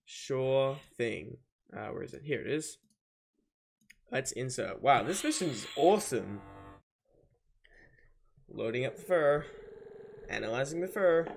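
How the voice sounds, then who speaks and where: A man's voice: medium pitch, lively intonation, unhurried, creaky, long pauses, a little hiss or hum. Chatty man thinking aloud over a game. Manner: casual, thinks aloud, easily confused. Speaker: gaming channel host. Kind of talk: gameplay commentary.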